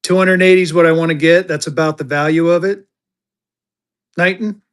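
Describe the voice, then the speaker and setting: A man with a slightly higher voice runs a casual live auction from home. He talks in a loose, chatty way, full of fillers and thanks to his buyers. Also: fairly even intonation, a little fast, clean tone. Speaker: livestream seller.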